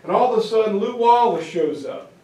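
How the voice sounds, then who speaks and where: A man giving a history lecture as a lively story, full of fillers and acted-out voices. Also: high-pitched, brisk. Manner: acts out quoted soldiers in voices, lots of fillers. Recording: echoey room, speaker far from mic.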